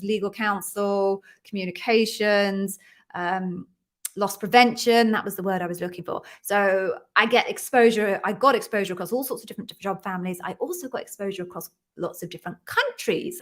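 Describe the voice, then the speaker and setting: A middle-aged woman from London hosting a live stream, chatting warmly with viewers and greeting each by name before explaining her work as an interview coach. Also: mid-range voice. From London, England.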